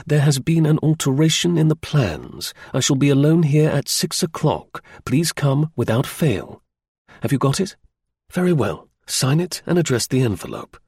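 A man's voice: a little high, big pitch swings, darkish tone, husky, dry recording, studio quality, pitched above the performer's own voice, full character voice. Man reading as a stern cool detective. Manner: stern, measured. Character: calm stern male detective, commanding. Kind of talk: audiobook reading.

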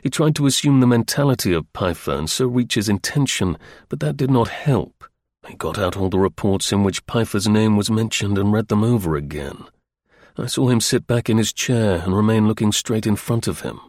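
A lowish male voice carries an audiobook narration at an even, measured storytelling pace. The studio-quality recording has no room sound.

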